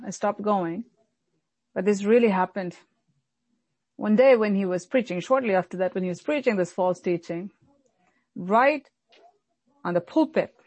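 A woman pastor delivering an earnest sermon, slowing down and repeating lines for emphasis. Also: mid-range voice, a little mellow, slightly rough, no echo. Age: adult, recalls childhood many years ago.

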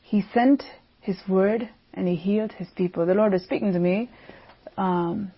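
A woman preaching a devotional sermon, slow and emphatic, repeating key phrases for weight. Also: medium pitch, breathy edge. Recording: dull lo-fi audio.

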